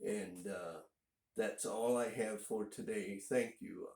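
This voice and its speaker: A man from northern Indiana talks through a casual language lesson, explaining things patiently and stopping often to gather his words. His voice sits a little low and he takes his time. The room around him rings with echo. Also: steady tone, gravelly, darkish tone. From northern Indiana, USA. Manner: unhurried and explanatory, with frequent "uh" pauses. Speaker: language teacher.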